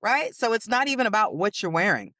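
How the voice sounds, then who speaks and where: A woman's voice: mid-range voice, sing-song, fairly quick, fairly bright tone, no echo. A woman co-hosting a podcast, talking casually and with passion, often checking in with "right?". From United States. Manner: passionate, emphatic, frequent tag questions. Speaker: podcast co-host.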